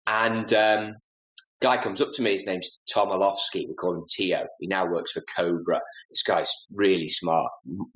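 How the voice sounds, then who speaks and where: A man, a podcast guest telling animated, self-deprecating stories and acting out little asides. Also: low voice, normal speed, reverberant, poor audio. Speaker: podcast guest, golf club fitter. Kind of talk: casual storytelling interview.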